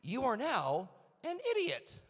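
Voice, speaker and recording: A high, bright-voiced man does a stand-up bit as emcee, firing off rambling rhetorical questions with lively swings in pitch. He is on a PA mic in a large convention hall, and his voice trails off in a long echo. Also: slow pace, creaky, slightly rough.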